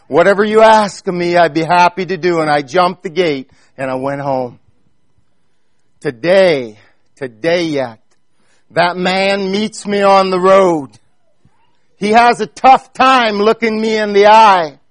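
A man with a high voice and an Amish accent preaches to his congregation. He tells his story earnestly and speaks to them directly. The recording is dry and close, with almost no room sound. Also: unhurried, no echo. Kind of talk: sermon.

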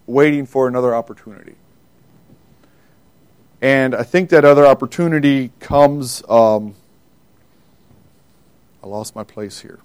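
A man delivers a sermon from the pulpit. His voice sits a little high for a man. He speaks with emphasis and lifts his voice when he quotes scripture. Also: darkish tone, clear, resonant tone. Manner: pauses and self-corrects, loses place in notes. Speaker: preacher.

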